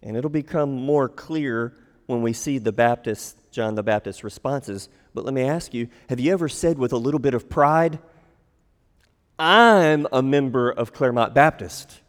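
A man's voice: medium pitch, moderate pace. A man preaching a sermon, acting out quoted lines in a raised voice. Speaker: pastor. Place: church sanctuary. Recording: long hall reverb.

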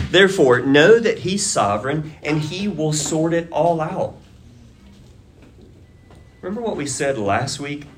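A man preaching a sermon to a congregation, deliberate and measured, rising to emphatic urging at key points. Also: medium pitch, slight background noise. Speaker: pastor.

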